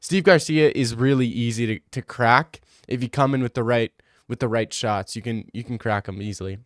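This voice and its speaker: A young man chats loosely on a livestream and answers questions. His delivery is crude and joking, full of slang and side tangents. The sound is dry, close and free of any room ring, and his pitch sits in a middle range. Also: normal speed, dry recording. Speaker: streamer answering chat questions. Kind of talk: casual livestream Q&A.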